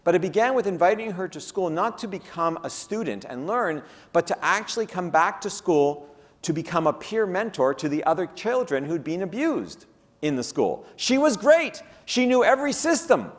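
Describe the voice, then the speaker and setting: Male keynote speaker, fairly high voice, lively storyteller, long hall reverb. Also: normal speed. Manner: animated, acts out the people in his stories. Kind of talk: lecture with storytelling. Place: conference hall.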